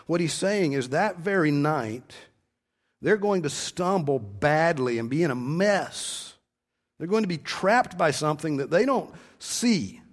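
A man's voice: a little high, lively intonation. Earnest male preacher teaching scripture. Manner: earnest, stresses key words slowly, frequent word repeats. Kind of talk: expository sermon.

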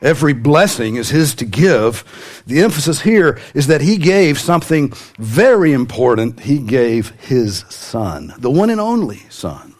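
Animated man preaching a sermon. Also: unhurried. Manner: animated, with sudden rises in pitch for emphasis; light humor with asides to the congregation. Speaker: pastor.

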